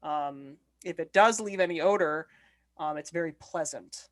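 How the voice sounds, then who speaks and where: A man's voice: on the high side, a little slow, a bit bright. A man co-hosting a casual podcast chat who jokes and teases, then explains his ideas earnestly. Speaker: podcast co-host.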